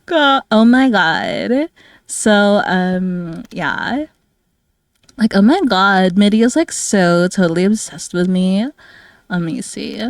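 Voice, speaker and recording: A young woman who streams and makes art chats casually while drawing, her mid-range voice animated but slow. She is bubbly and giggly, full of "like" and "oh my God," in a studio-quality recording with no room sound.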